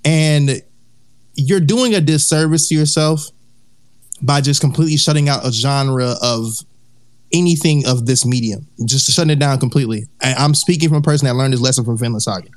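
A man's voice: mid-range voice, normal speed, dry recording. A man co-hosting a casual podcast, urging his friends emphatically and swearing freely. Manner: emphatic, preachy, profane. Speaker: podcast co-host.

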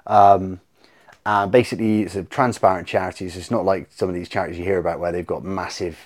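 A man chatting on a podcast as a guest, telling stories in a rambling, animated way with lots of fillers. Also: sits low, fast talker. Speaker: podcast guest, soap brand owner. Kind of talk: casual podcast chat.

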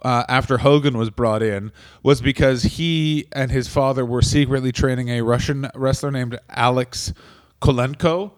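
A man in his thirties rants through a casual comedy podcast with profane bursts of mock outrage. His voice sits in a middle pitch. The sound is dry and close. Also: steady tone, normal speed, no room sound. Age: 30s.

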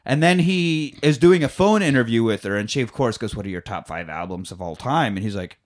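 In a casual chat, a man with a mid-range voice and lively intonation briskly recaps a film's plot. He rambles, swears and acts out the characters' lines.

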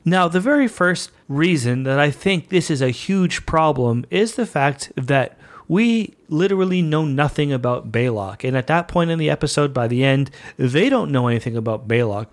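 Excitable man hosting a fan podcast. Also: on the high side, normal speed. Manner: excitable, chatty, playful. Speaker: podcast host. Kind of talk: enthusiastic fan podcast monologue.

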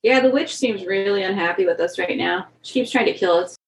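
A woman's voice: mid-range voice, a little fast. Upbeat female player, chatty, room echo around her voice. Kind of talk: tabletop role-play.

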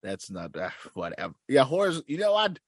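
A man's voice: mid-range voice, huge pitch swings, moderate pace, no room sound, studio quality. A man co-hosting a podcast, bantering casually and laughing a lot as he jokes around. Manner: laughs often, playful and goofy. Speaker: podcast co-host.

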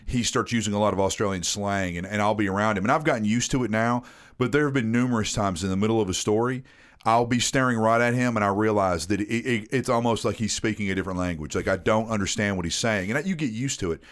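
A man's voice: lowish voice, quick pace. A man from Tennessee with a mild Southern US accent, chatting bluntly and casually on a podcast with some swearing. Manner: blunt, profane. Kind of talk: casual chat.

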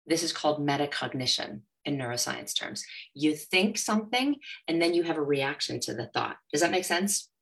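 Woman, lowish pitch, money coach guest, animated, plays out inner voices. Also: moderate pace, creaky, few pauses. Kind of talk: motivational interview talk.

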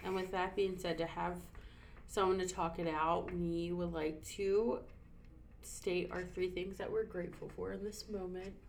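A woman co-hosting a casual podcast, open-hearted and quick to laugh or get emotional. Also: fairly low pitch, little pitch movement, gravelly, a little hiss or hum. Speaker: podcast co-host. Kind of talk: casual chat.

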